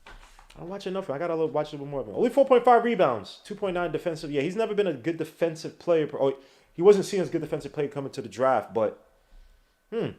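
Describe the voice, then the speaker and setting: A man's voice: a little high, expressive, fast, a little mellow. A man hosting a basketball podcast alone, talking casually and rambling as he thinks aloud, with many fillers and restarts. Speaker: podcast host. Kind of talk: casual solo podcast talk.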